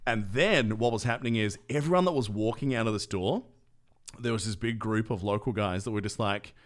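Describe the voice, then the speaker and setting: Low-voiced man telling a story. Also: a little fast. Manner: animated storyteller who acts out other people's lines. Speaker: podcast co-host. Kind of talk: casual storytelling chat.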